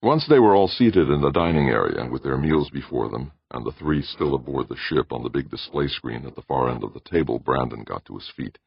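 A man narrates an audiobook with a deep, husky voice and a lively rise and fall. The recording is dull and lo-fi in a dry, close space. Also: brisk, few pauses, no echo. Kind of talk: scripted narration.

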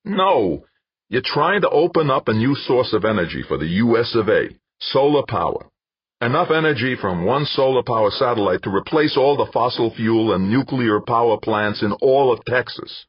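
A man's voice: medium pitch, moderate pace, husky, dry recording, voice pushed up. A man doing an eager, crafty PR man. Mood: persuasive. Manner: wheedling, insistent, excitable. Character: eager crafty male PR director. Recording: dull lo-fi dry recording.

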